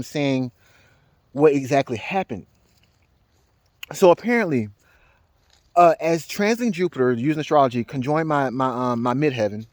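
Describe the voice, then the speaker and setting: A young man telling a rambling personal story as a vlogger, halting and repeating words, laughing often and swearing. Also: on the high side, no echo, clean studio sound.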